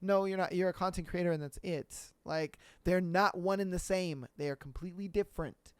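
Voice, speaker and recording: Swearing freely and slinging slang, a podcast host rants on his own in a blunt, animated way. He speaks a little fast in a high voice, with a clean tone on a dry recording.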